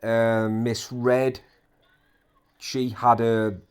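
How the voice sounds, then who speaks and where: A man's voice: mid-range voice, level tone, drawn-out words, smooth. A man giving indignant, repetitive ranting commentary on an online drama.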